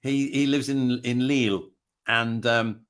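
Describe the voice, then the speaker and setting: A man from England with an ordinary mid-range voice hosts a relaxed online music show. He chats loosely, telling a story with hesitant ums and easy laughter. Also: medium pitch, measured pace, smooth. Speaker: host. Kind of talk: casual live-stream chat.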